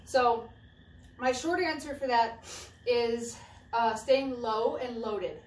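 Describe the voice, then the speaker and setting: A woman's voice: fairly high pitch, slow, a little hiss or hum. A young adult woman coaching shot put technique in a casual, demonstrating way, often restarting and repeating phrases as she moves. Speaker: track and field throwing coach. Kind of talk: casual instructional talk while demonstrating. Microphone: camera mic at a distance. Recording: distant camera mic with echo and faint ambience.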